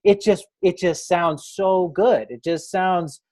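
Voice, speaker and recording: A man hosting an interview, chatty and affirming, with quick asides. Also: high voice, warm tone. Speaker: interview host. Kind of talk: conversational interview.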